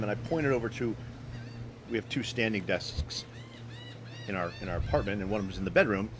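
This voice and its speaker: A man hosts a live stream and tells a personal story, his pitch swinging up and down as he talks. He restarts sentences often and speaks straight to his viewers. A faint hum of ambient noise sits behind him. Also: fairly quick, pauses often. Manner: animated storytelling, frequent restarts. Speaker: host.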